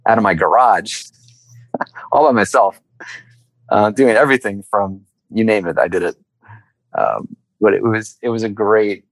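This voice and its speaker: In an interview, an entrepreneur tells his story in a chatty, animated way, performing the voices he quotes. He has a lowish voice. The recording is dry and of poor quality.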